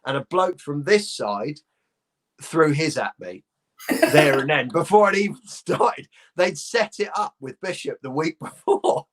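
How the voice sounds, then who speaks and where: A middle-aged comedian from London, posh southern English accent and all, tells lively stories as a guest in a casual chat, swearing freely and laughing. He keeps a measured pace, his voice on the high side.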